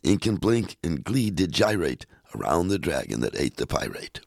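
Deep gravelly man reading poems aloud. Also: normal speed, dry recording, studio quality. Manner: playful, expressive read-aloud delivery.

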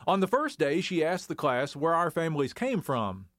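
Man, measured wry storytelling, scripted radio essay, dry recording. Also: fairly high pitch, sing-song, a bit bright, dry recording. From Arkansas Ozarks. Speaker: historian essayist.

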